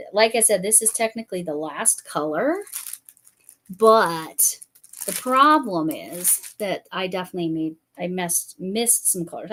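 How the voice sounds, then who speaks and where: A woman's voice: on the low side, a little hiss or hum. Chatty woman hosting a live stream. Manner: chatty, rambling, many fillers. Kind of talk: casual live-stream chat.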